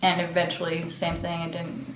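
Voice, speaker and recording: A woman's voice: fairly low pitch, completely flat delivery, normal speed. A woman co-hosting a podcast, casually telling a work story and laughing easily. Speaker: real estate agent, podcast co-host. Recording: echoey room, noisy.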